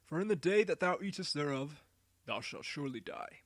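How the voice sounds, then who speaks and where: A weary, ancient storybook patriarch who tells old tales in a hushed, slow, solemn voice, as a man puts him on. The voice sits a little high for a man but stays gentle and heavy with age. The sound is close and dry. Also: lively intonation, dry recording. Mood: storytelling. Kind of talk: storybook character voice.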